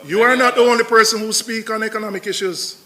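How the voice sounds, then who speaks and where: Man, opposition finance spokesman; high, bright voice, combative, emphatic repeats in debate. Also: steady tone, fast talker. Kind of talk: parliamentary budget debate speech.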